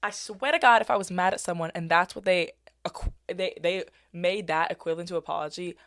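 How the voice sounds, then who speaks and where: A woman's voice: on the low side, little pitch movement, a little fast. Sarcastic young woman reacting to a movie. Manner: sarcastic, profane, bursts into shrieks. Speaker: YouTuber reacting to a film. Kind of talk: comedic movie reaction commentary.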